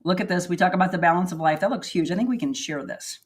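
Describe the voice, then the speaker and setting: A woman's voice: lowish voice, quick pace. A woman hosting a casual wine-tasting show, chatty and laughing often. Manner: chatty, laughs often, talks with food in her mouth. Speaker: show host. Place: new studio, sitting on the floor.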